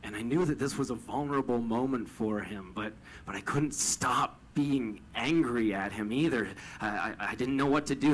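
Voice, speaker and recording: A man's voice: mid-range voice, normal speed, hardly any pauses, rough recording. Stammering man telling a personal story. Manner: stammering repetitions, emotional retelling.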